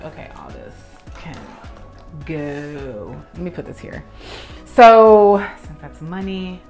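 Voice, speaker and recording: While tidying for her vlog, a young woman who works as a professional organizer recounts a spirited story and acts out how she once responded. She speaks in a low voice.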